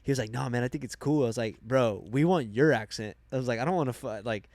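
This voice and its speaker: A young man from Arizona, a podcast guest telling travel stories in casual chat, animated and swearing, loudly acting out quoted voices. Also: mid-range voice, fast talker, no room sound. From Arizona, United States. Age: young adult.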